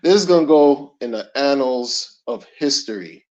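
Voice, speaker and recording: Speaking at normal speed in a medium-pitched, expressive voice with a darkish tone, a middle-aged commentary channel host rants casually. He's emphatic, uses slang, and keeps repeating himself, all on a dull lo-fi recording.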